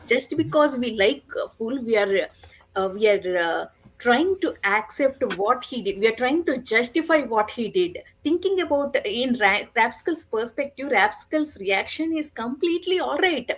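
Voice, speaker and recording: A woman's voice: a little high, expressive, moderate pace, low-quality recording. A woman in a casual book discussion who states her opinions emphatically. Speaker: book club member.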